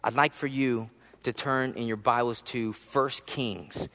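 A man preaching a sermon, telling a personal story, with soft asides and emphatic rises. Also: mid-range voice, steady tone, measured pace, in a large hall. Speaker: pastor.

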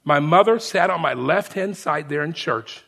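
A man preaching a testimony as a lively story, speaking to the congregation as friends. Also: on the high side, normal speed, creaky. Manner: animated storyteller, shouts the sergeant's lines. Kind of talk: sermon storytelling.

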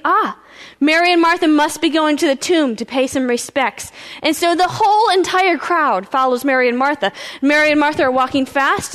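Lady pastor retelling a bible story, high voice, big echoey hall. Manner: animated retelling with character voices. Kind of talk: storytelling sermon. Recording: reverberant hall.

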